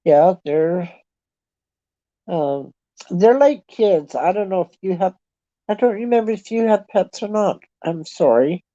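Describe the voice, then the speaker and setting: Slow, chatty Canadian woman, muffled sound. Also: on the low side, lively intonation, warm tone, no echo. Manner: chatty, self-deprecating, thinks aloud. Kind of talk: casual chat with online viewers. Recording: dull lo-fi sound.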